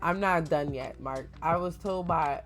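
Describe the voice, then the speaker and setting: A kindly older school principal, formal and reassuring toward a student, read aloud by a reaction host. The delivery is slightly lower than the reader's own voice. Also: measured pace, music in the background, natural voice.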